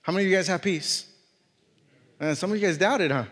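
A man's voice: high-pitched, fast, fairly bright tone. A man with an accent preaching a sermon, reading scripture and then driving his points home with repetition. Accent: non-native English. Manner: reads scripture aloud, then preaches with repetition and rising emphasis; jokes self-consciously about his accent. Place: church hall. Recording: long hall reverb.

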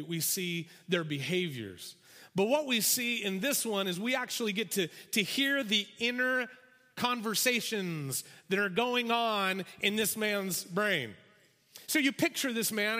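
A man preaching a sermon, telling a parable with animated storytelling and acting out the characters' voices. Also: high voice. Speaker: pastor. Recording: long reverb of a large hall.

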